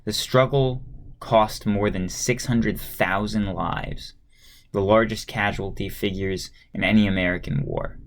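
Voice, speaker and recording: A man reading a history textbook aloud at a steady pace, stopping now and then for a casual aside and sometimes stumbling and restarting a word. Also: fairly low pitch, measured pace.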